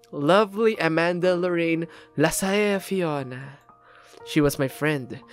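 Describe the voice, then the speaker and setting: A man from the Philippines reads a game's narration aloud as a let's play gamer, dramatic, with his own asides in between. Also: fairly high pitch. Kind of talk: reading game narration aloud with commentary.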